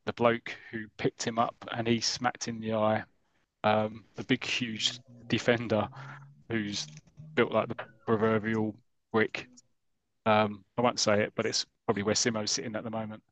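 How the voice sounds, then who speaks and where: A man's voice: fairly low pitch, monotone, moderate pace, fairly bright tone, dry recording. A man hosting a podcast, enthusiastically rambling through an old comic story. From United Kingdom. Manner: enthusiastic, rambling, acts out characters' lines. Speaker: podcast host. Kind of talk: casual chat, retelling a comic story.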